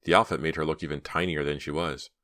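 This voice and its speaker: A man narrating an audiobook in a steady, measured reading style. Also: rumbling low.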